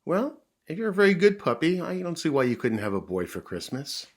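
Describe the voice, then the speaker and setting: A man voicing a gentle, patient mother dog who speaks in a soothing, coaxing way. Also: a little high, very animated, fairly quick, slight background noise, pitched above the performer's own voice.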